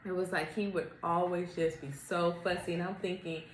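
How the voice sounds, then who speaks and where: A young woman co-hosting a casual podcast chat, relaxed with lots of fillers and restarts. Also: fairly low pitch, moderate pace, roomy sound, a little hiss or hum, low-quality recording. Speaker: podcast co-host.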